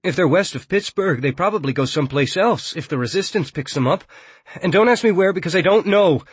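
A man's voice: high voice, expressive, a little fast, husky, no echo, voice pushed up. A man voicing a frightened teenage boy held captive in an audiobook, pleading and urgent. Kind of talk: audiobook character reading.

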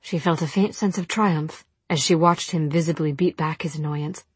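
A woman with a low, husky voice narrating a novel at an even, measured pace. The sound is close and dry, with no room around it. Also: no echo. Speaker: audiobook narrator. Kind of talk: scripted narration.

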